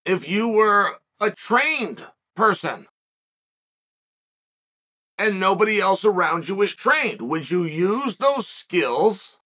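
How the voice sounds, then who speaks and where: A man's voice: sits high, lively intonation, slow, pauses often, pushed and bright, husky. A middle-aged man hosting a podcast, delivering a reflective commentary monologue full of rhetorical questions and restarts. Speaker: podcast host.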